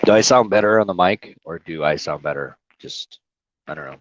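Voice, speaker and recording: A man chats casually on a livestream while driving his truck, rambling, swearing and greeting viewers by name. His low voice moves fairly quickly, recorded dry and muffled on a phone inside the cab.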